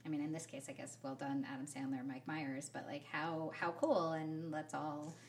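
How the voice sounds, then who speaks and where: Lower-pitched woman, playful casual chat. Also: level tone, moderate pace, noisy background. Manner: playful, jokey asides. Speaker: podcast co-host.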